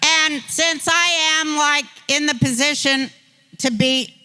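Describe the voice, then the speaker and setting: An older woman spins a rambling, folksy yarn, taking her sweet time over every phrase. Her tone is bright and sharp-edged. She drifts through asides with a self-mocking, chatty air. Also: high voice, steady tone, slow pace. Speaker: guest. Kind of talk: rambling anecdotal storytelling.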